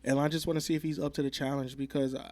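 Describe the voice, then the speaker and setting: A man's voice: mid-range voice, level tone, very fast, darkish tone. A man co-hosting a sports talk show, emphatic and repeating his points for stress. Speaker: sports co-host.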